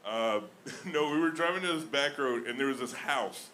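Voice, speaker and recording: Bright-toned Alabama comic on stage. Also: male voice, mid-range voice, moderate pace, slight background noise. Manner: self-mocking, chatty with laughs in the flow. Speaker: stand-up comedian. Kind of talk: stand-up comedy set. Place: comedy club stage.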